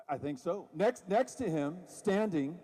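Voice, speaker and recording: A man with a fairly high voice delivers a political rally speech into a stage microphone. He mixes sarcasm with rising, impassioned emphasis. His voice trails into the long reverb of a large venue. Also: dark tone, slightly rough. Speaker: rally speaker.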